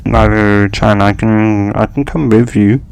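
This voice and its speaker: A man voicing a gentle playful spirit girl. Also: fairly low pitch, steady tone, a little slow, vocal fry, clear, resonant tone.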